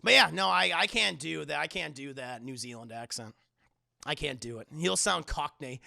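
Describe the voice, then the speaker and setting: A man chats on a livestream in a fast, rambling way, often swearing and laughing. His voice is bright and gravelly with a lively, swooping pitch. The sound is dry and close to the mic. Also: no room sound. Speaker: livestream host. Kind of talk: casual chat answering viewer questions.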